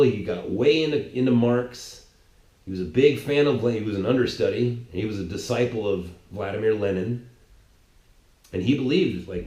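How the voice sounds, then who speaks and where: A man's voice: mid-range voice, a little mellow. Heated rambling man in an echoey room. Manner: heated, rambling, repeats words and restarts. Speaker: political commentator. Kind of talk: ranting monologue.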